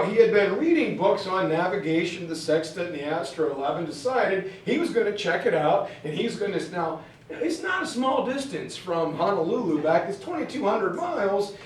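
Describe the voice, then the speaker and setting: A man teaching a history class, telling the story in a casual, chatty, animated way. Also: high-pitched. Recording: very echoey room, far from mic.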